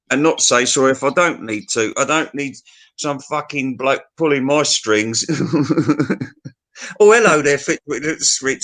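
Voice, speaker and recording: A man's voice: mid-range voice, fairly bright tone. A middle-aged man in casual chat, telling stories in a sweary, ranting way.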